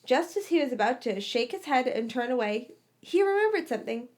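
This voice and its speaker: A woman's voice: high-pitched, very animated, fairly quick, darkish tone. A woman reading a fan fiction story aloud, sometimes stumbling and rereading phrases. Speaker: story reader.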